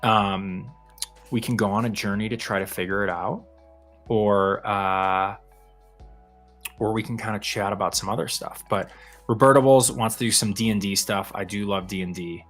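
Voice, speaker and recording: A man co-hosting a developer livestream, casually explaining code as he works, relaxed and self-deprecating. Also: on the low side, normal speed, faint music behind. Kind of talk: casual chat while live coding.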